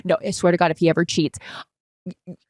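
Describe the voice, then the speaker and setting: A woman's voice: lowish voice, level tone, brisk, a little mellow, no room sound, studio quality. A woman co-hosting a podcast in casual chat, telling a story with lots of energy and the odd swear word. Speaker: podcast co-host.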